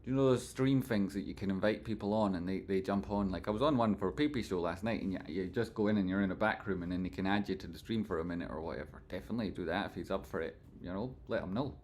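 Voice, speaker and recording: A man's voice: low voice, quick pace, hardly any pauses, darkish tone, slight background noise. A man hosting a live stream in casual chat, reading out and thanking viewers and breaking into playful sung phrases. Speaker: livestream host.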